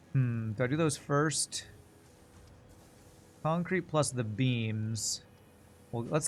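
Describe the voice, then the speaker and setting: A man chatting through a live game stream, muttering his plans and poking fun at himself as he goes. His voice sits at an ordinary middle pitch, and the talk is loose and rambling. A faint ambient hiss lingers underneath. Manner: rambling, thinks aloud, self-mocking. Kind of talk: casual live-stream commentary while playing.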